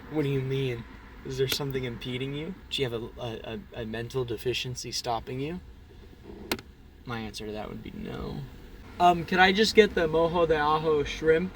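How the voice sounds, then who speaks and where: A man's voice: mid-range voice, very animated, brisk, noisy background. A man reviewing food from his car at a drive-thru, rambling in a self-mocking, jokey way. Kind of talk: comedic vlog monologue.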